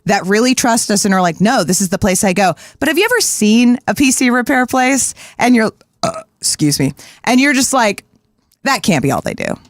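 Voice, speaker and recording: A woman's voice: fairly high pitch, lively intonation, moderate pace, no echo. Woman, podcast co-host, casual chat, blunt, candid, dry close mic.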